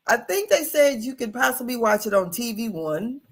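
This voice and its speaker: A woman's voice: fairly high pitch, very animated, normal speed, hardly any pauses. A middle-aged woman hosting a casual livestream, chatty and folksy, calling her viewers honey. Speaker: livestream host.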